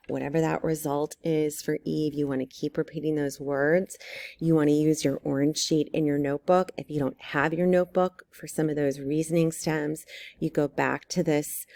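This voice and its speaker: Low, mellow-voiced woman teacher. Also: vocal fry. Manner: encouraging, step-by-step, frequent ums and "right?" checks. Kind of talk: recorded writing lesson walkthrough.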